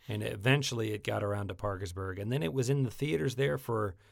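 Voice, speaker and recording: A man's voice: fairly low pitch, quick pace, vocal fry, no echo, clean studio sound. A man in his forties chatting casually and earnestly, getting teary as he tells a story. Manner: earnest, gets emotional and teary. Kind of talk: casual chat.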